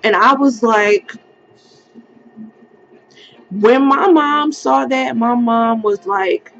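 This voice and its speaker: Young woman vlogger, slow-spoken storyteller, dramatic quoted outbursts, muffled lo-fi audio. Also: creaky, a bit bright. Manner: emotional storytelling, acts out quotes in a high crying voice. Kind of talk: storytime vlog.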